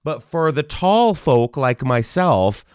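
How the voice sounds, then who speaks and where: A man co-hosting a podcast, telling a funny story in a casual chat and popping into high voices when he quotes people. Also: sing-song, slow, a little mellow, clean tone, dry recording, studio quality. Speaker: podcast co-host.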